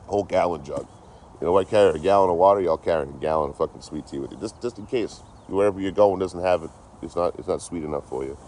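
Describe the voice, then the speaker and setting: A man's voice: low voice, quick pace, a little mellow, slight background noise. A man from Detroit rambling casually and swearing a lot on an outdoor livestream, talking into his phone. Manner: rambling, heavily profane. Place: outdoors, by a road.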